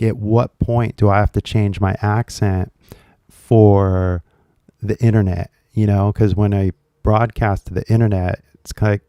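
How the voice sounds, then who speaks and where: A man's voice: lowish voice, warm tone, dry recording, clean studio sound. A man with a Californian accent, casually chatting to camera as the host of an English-learning video, rambling and jokey with lots of fillers.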